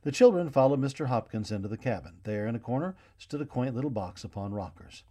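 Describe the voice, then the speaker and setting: A man reads a children's storybook aloud, his mid-pitched voice rising and falling with lively expression. The pacing is gentle and unhurried, suited to a young audience. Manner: expressive, gently paced reading.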